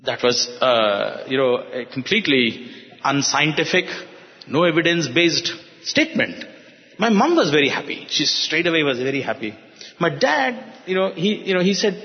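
A man from Hyderabad, earnestly telling a personal story to an audience, halting with fillers. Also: fairly high pitch, very animated. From Hyderabad, India. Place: hall with an audience. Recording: reverberant hall, dull sound.

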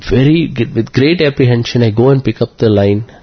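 A man from India telling a personal story as an interview guest, earnest and halting, with emotion close to the surface. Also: medium pitch, breathy edge. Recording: muffled lo-fi recording.

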